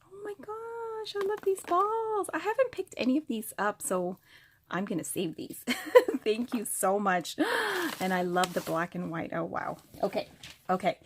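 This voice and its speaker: A woman vlogger with a medium-pitched voice opens craft mail on camera, gushing, gasping and squealing with delight. It's an excited unboxing chat, recorded with a little hiss or hum.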